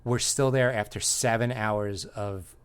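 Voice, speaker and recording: A man co-hosting a casual comedy podcast, telling stories in a dry, low-key, deadpan way. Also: unhurried, clean tone. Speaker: podcast co-host.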